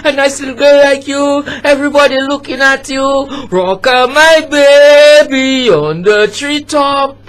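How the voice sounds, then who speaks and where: A man putting on a shrill, scolding old grandmother. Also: unhurried, hardly any pauses, a bit bright. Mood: cooing.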